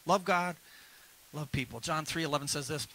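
Bright, energetic male pastor preaching. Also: fairly high pitch, normal speed, low-quality recording. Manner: energetic, calls the congregation to repeat phrases. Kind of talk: sermon. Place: church service.

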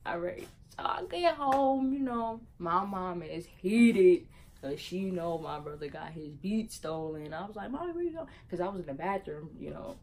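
A young woman vlogger telling a story in casual slang, her voice swinging loud and high as she laughs and mimics people. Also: unhurried, poor audio.

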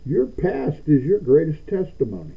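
A man's voice: fairly high pitch, huge pitch swings, moderate pace, gravelly, breathy edge. A man preaching a sermon as pastor, often stammering and repeating words, building to emphatic declarations. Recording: tinny phone-like sound.

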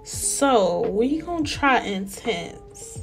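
A young woman giving casual, animated let's-play commentary and talking straight to her viewers. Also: fairly high pitch, very slow, gravelly, faint music behind. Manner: chatty, animated, talks to viewers as y'all. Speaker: gameplay narrator.

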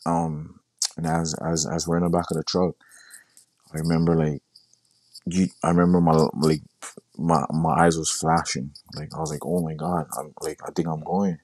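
Young guy, super deep voice, telling his story, stumbles and repeats a lot. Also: level tone, a little mellow, no room sound. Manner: halting, repeats words, quotes himself. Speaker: guest sharing his story. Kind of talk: casual storytelling.

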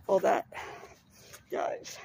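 A man's voice: drawn-out words, warm tone, a little hiss or hum, rough recording. A man vlogging casually on a walk outdoors, rambling and chatty as he talks straight to his viewers. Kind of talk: casual walking vlog. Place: outdoors on a neighborhood street. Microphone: phone camera held while walking.

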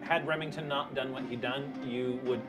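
A man running a tabletop role-playing game as game master, narrating with many pauses and restarts. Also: medium pitch, fairly even intonation, over music. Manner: halting, many ums and restarts.

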